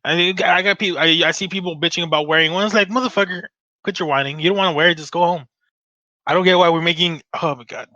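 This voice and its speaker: A man's voice: fairly high pitch, fast, no room sound. A man in his late twenties from the United States, hosting a casual podcast and ranting with a lot of swearing. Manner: ranting, profane, animated. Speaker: podcast host. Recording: dull, lo-fi sound.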